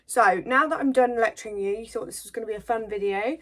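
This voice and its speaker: A woman's voice: fairly high pitch, quick pace, a bit bright. Chatty woman from the English Midlands. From English Midlands, near Birmingham. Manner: chatty and rambling, talks to viewers like a friend. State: slight cold coming on. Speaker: beauty vlogger. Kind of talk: chatty get-ready-with-me makeup vlog.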